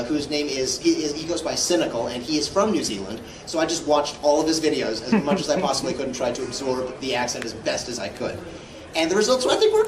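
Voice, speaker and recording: A man answering fan questions as a guest at a live convention panel, telling jokey stories. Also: a little high. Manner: playful, joking storyteller. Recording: echoey hall, far from mic, noisy.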